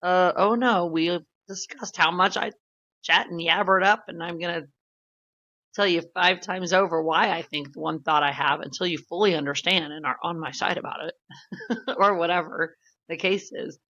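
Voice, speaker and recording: Bright, chatty woman podcast co-host. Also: fairly low pitch, normal speed, highs cut off. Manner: chatty, laughs often, retells stories with quoted voices. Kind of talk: casual chat.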